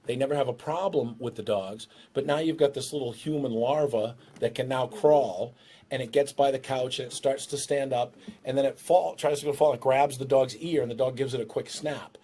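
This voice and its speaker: A middle-aged man, a dog trainer hosting his show, giving casual, joking advice on dogs and a new baby. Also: warm tone. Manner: joking, breaks into shrill impressions of owners.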